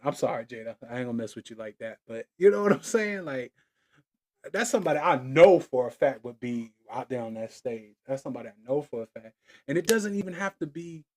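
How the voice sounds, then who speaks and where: A man hosts his own podcast. He talks loose and playful, drifting into little rhymes and easy chuckles. It's a casual solo monologue. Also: a little high. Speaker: podcast host.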